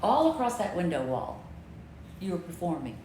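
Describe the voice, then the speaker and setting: A woman co-hosting a livestream, chatting in a relaxed, teasing, dry way. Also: on the low side, normal speed, reverberant, noisy background. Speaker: co-host of a livestream. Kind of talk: casual chat. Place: home.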